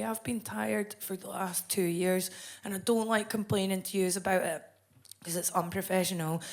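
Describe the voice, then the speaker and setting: Deadpan woman doing stand-up. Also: medium pitch, vocal fry. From Scotland. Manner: deadpan, blunt, dry delivery. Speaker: stand-up comedian. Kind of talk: stand-up set. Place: comedy club stage. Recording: roomy live club sound.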